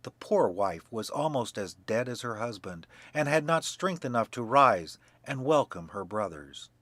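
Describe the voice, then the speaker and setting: A man narrating a fairy tale for young children in a measured, expressive reading. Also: medium pitch, no echo. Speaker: storyteller.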